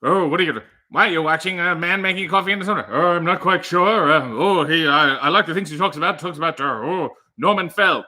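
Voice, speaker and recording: A man doing a manic comic voice, scattered, breathless, raised pitch, bright tense tone. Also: brisk, few pauses. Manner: breathless, scattered, jumping between thoughts. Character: manic rambling male comic impression, excitable. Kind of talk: comic impression.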